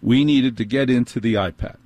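A middle-aged man telling an exasperated comic story in a fast, animated monologue. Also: mid-range voice, dry recording.

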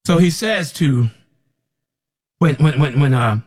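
A man calling himself a prophet, preaching in a scolding, repetitive way that sometimes rises toward a shout. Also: on the high side, expressive, takes it slowly. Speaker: self-described prophet. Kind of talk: preaching monologue.

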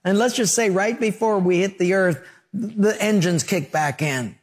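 A man's voice: sits high, unhurried, breathy edge. A man preaching a sermon, telling stories and acting out short voices and sound effects. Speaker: pastor.

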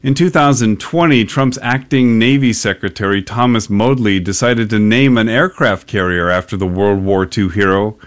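A man reporter narrating a scripted radio news report in a measured way. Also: fairly low pitch.

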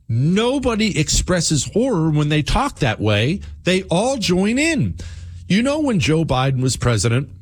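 Impassioned man ranting with swooping pitch. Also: breathy edge. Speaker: political talk show host. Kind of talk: political commentary monologue.

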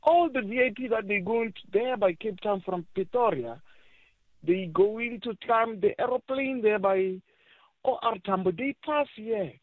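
A man from South Africa calling in to a radio show, a truck driver speaking in a halting, hesitant way with many fillers. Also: sits high, no room sound. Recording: phone line.

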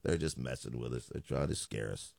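Calm army veteran friend, put on by a man, deep, hushed, dry sound. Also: fairly quick, creaky, dry recording, full character voice. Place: radio studio.

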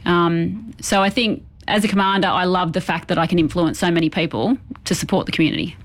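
A woman with an Australian accent, a police commander answering interview questions in an earnest, measured way with many ums. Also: lowish voice, fairly even intonation, a little hiss or hum. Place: outdoors at a police station.

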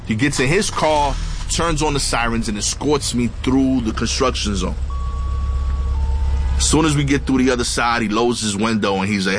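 A man telling a comic story in an animated, dramatic way, acting out the dialogue. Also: medium pitch, moderate pace, a little hiss or hum.

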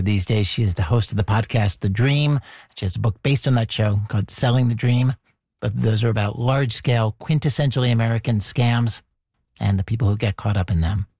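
A man's voice: mid-range voice, a little mellow, no room sound, clean studio sound. A man hosting a radio show, asking wry questions and reading scripted introductions.

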